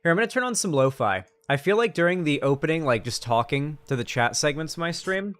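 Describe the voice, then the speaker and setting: A man's voice: a little high, lively intonation, brisk, a bit bright. A man streaming live, chatting casually with his chat in a rambling, crude, sarcastic way.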